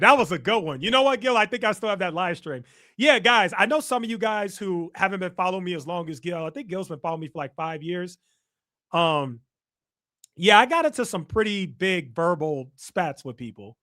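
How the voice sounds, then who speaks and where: A young Chicago man hosts a casual livestream, reading viewer comments and playfully trash-talking his chat. His high voice sounds pushed and bright.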